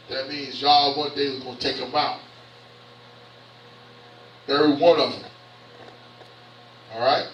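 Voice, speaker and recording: In a church hall, a bishop delivers a conversational sermon, addressing the congregation and stumbling a bit as he reads scripture aloud. His voice is medium-pitched, steady, and fairly bright, recorded from afar in echoey space with a little hiss or hum.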